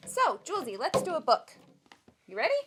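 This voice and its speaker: A woman's voice: high voice, huge pitch swings, fairly quick, background noise. A woman educator leading a baby storytime at home, talking playfully to caregivers and her toddler. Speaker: children's museum educator.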